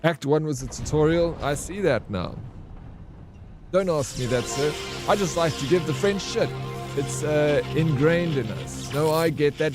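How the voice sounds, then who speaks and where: A man live-streaming a game, chatting and joking with his viewers, and loudly welcoming raiders. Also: fairly high pitch, measured pace, soft background music. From South Africa. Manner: jokey, excitable, banters with chat. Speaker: variety streamer. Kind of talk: casual live-stream chat while gaming.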